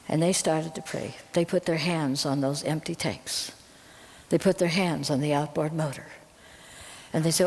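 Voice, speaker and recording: A woman missionary telling a lively story to an audience, her voice jumping up when she recounts her anger. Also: low voice, moderate pace, in a large hall. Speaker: missionary Bible translator.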